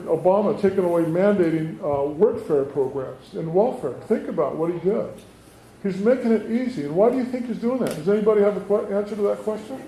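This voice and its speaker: High-voiced man in an echoey hall. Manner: forceful, folksy storytelling with rhetorical questions. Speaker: state assemblyman. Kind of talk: political town hall speech. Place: community meeting room. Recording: echoey room, faint background noise.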